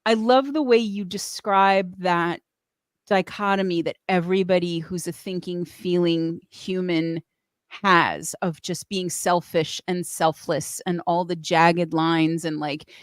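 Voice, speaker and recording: A woman's voice: lowish voice, steady tone, measured pace, smooth, dry recording, clean studio sound. A middle-aged woman hosting a casual livestream, gushing emotionally and reading chat messages aloud. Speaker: host.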